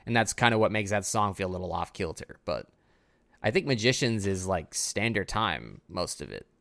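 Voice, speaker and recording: A man's voice: low-pitched, animated, normal speed, creaky, a bit bright, no room sound. A tired man co-hosting a podcast, rambling through a casual music discussion with lots of filler words. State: tired, yawning. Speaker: podcast co-host.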